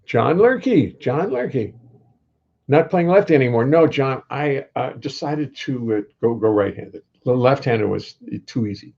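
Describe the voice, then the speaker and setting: A man's voice: mid-range voice, lively intonation, measured pace, vocal fry, highs cut off. An older man hosting a casual livestream from his home, rambling in a wry way and greeting viewers by name.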